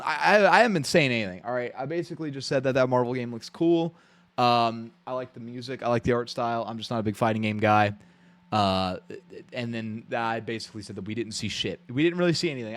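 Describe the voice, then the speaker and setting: A man live-streaming his reactions to a game showcase, ranting bluntly and profanely with frequent restarts. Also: medium pitch.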